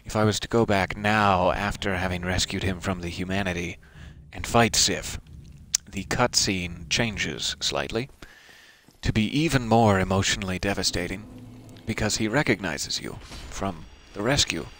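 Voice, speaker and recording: A man playing through a video game, talking it over in a musing, wry, soft-spoken way. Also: low voice, normal speed, a little hiss or hum. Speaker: game streamer. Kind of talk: let's play commentary.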